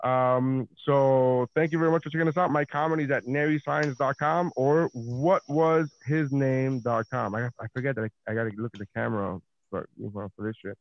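A man's voice: medium pitch, steady tone, moderate pace, hardly any pauses, muffled recording. Rambling swearing male podcast host. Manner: rambling, swears freely, many fillers. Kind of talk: casual podcast chat.

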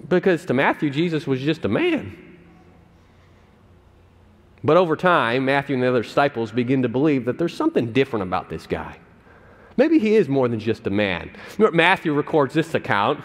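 A male pastor preaching a sermon in a conversational, animated way, often checking in with "right?" and "okay?". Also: medium pitch, brisk. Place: church sanctuary. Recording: long church reverb.

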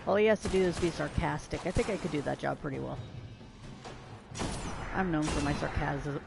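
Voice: medium pitch, steady tone, a little fast, creaky, over music. A game streamer who is unwell, lying down and chatting casually while playing, rambling and stumbling over words. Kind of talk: casual live-stream commentary. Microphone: headset or desk mic, no camera.

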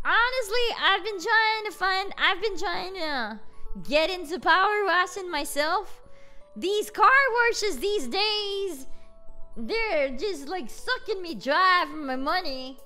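A boastful, laid-back bearded guy, put on by a woman streamer, chattering through a game stream. The voice sits high and bright and swings up and down a lot. He talks slowly, rambles, and swears offhand. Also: lively intonation, faint music behind, exaggerated voice. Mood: goofy. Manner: rambling, swears casually, laughs at himself. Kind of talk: live game stream in character.

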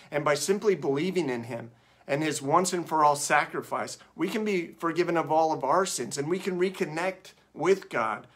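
A man, a pastor, preaching a sermon in church, earnest and full of rhetorical questions and restarts. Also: fairly high pitch.

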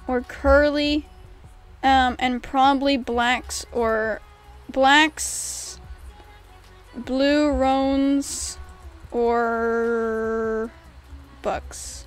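A young woman with a high-pitched voice streams a game and chats casually with her viewers. She's expressive, swinging from mumbles to frustrated shrieks, and she reads chat questions aloud before answering them.

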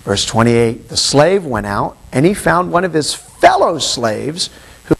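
A man's voice: fairly high pitch, measured pace, gravelly, slightly rough, low-quality recording. A man preaching a sermon as a pastor, retelling a parable and acting out its characters' voices. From Hawaii. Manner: animated, acts out the parable's voices. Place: church.

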